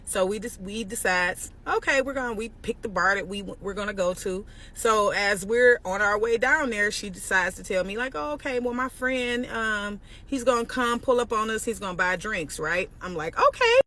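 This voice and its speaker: A woman's voice: medium pitch, normal speed, hardly any pauses. A woman telling a casual, profane storytime straight to her viewers. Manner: animated and profane, addressing viewers as "y'all".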